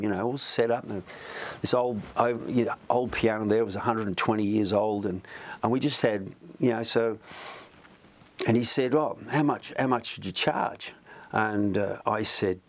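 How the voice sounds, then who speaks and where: A middle-aged musician telling rambling stories in an interview, full of restarts and asides. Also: male voice, fairly low pitch. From Australia. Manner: rambling, chatty, many restarts. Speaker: musician guest. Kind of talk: storytelling in an interview. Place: music studio.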